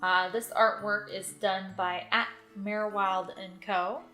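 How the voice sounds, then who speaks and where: Woman, book vlogger, casual unboxing chat, fillers, bright voice, echoey room. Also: mid-range voice, steady tone, a little slow, soft background music. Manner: chatty, thinking aloud with many fillers.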